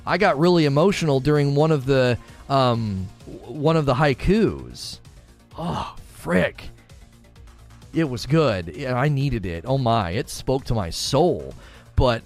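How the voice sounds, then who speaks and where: A man chatting casually and earnestly, often repeating himself as he talks about what moves him. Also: medium pitch. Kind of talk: casual chat.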